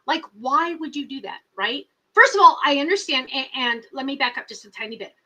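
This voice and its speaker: Woman, livestream host, casual chatter, bright crisp tone, fairly high voice, emphatic repeats. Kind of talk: casual live chat, reading viewer comments.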